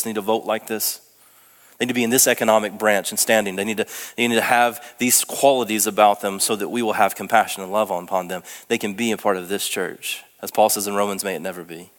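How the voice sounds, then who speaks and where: Low-voiced pastor preaching in a reverberant church. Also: male voice, fairly bright tone. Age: young adult. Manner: conversational, self-deprecating, with frequent restarts. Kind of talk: sermon. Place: church sanctuary. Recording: long reverb of a church sanctuary.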